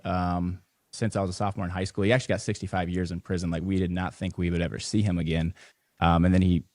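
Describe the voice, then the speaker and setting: Deep-voiced man talking loosely, dry sound. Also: no room sound. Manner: loose and rambling, with many fillers and restarts; emotional, holding back tears. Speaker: podcast guest, business founder. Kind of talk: casual interview conversation.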